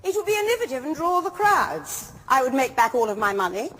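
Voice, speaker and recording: An actress playing a plucky, upper-class elderly widow who owns a theatre, speaking in a grand, coaxing and playful way, heard in a film clip. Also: female voice, high-pitched, big pitch swings, brisk, noisy background.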